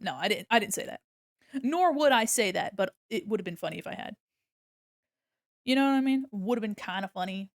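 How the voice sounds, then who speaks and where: A woman's voice: fairly high pitch, gravelly, no room sound, clean studio sound. A young woman streaming while she draws, chatting casually, rambling, laughing often and swearing freely. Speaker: art streamer. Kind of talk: casual live-stream chat while drawing.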